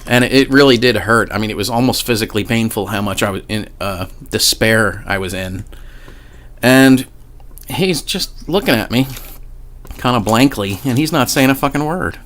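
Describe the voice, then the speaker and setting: A man's voice: mid-range voice, normal speed, fairly bright tone. Rambling, profane male storyteller. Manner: profane, rambling, with frequent restarts. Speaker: vlogger. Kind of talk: casual paranormal storytelling.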